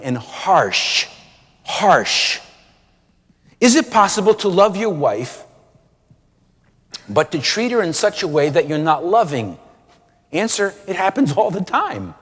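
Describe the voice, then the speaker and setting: A man preaching a sermon with animated delivery, acting out quoted voices and drawing out key words. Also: fairly high pitch, takes it slowly, pauses often, husky, in a large hall.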